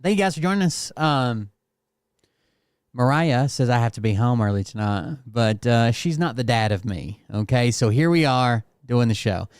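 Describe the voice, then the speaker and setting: A man's voice: medium pitch, lively intonation, moderate pace, clear, resonant tone, no echo, studio quality. A man hosting a casual show, talking in a loose, rambling and profane way. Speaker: host. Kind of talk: casual chat.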